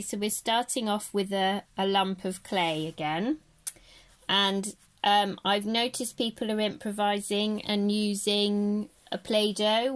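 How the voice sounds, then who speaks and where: A woman giving a casual craft lesson, chatty and gentle, rambling and correcting herself as she goes. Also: medium pitch. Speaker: craft teacher. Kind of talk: casual how-to tutorial.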